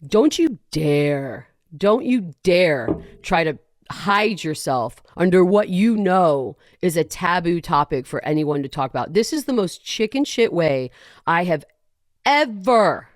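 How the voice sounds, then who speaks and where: A woman hosting a podcast in casual chat, animated and sarcastic, often breaking into rants. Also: lowish voice, unhurried, no echo, studio quality. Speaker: podcast host.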